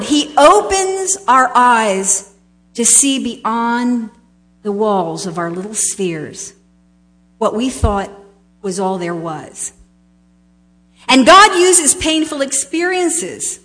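A woman with a high voice preaching a sermon. She speaks slowly and with emphasis, pausing for effect and swelling on key words. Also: fairly bright tone. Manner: slow, emphatic preaching with dramatic pauses and swells.

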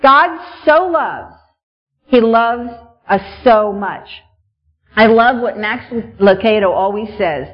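A woman's voice: medium pitch, takes it slowly. Woman pastor, middle-aged, preaching with a chatty and earnest delivery. Recording is a bit dull. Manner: conversational, earnest, full of "you know" and "I mean" asides. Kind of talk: sermon. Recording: slightly dull, lo-fi sound.

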